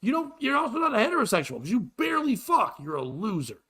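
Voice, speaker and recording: A man hosting a comedy podcast, ranting in a loud, exasperated and profane way. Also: very high-pitched, wildly swooping pitch, fast talker, husky. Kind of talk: crude comedic rant.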